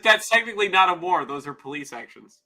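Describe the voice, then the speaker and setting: A man with a somewhat high, bright, forceful voice, chatting at home over drinks. He speaks with a sarcastic edge and swears freely. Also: expressive, fast talker, rough recording. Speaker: livestream host. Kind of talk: casual drinking chat.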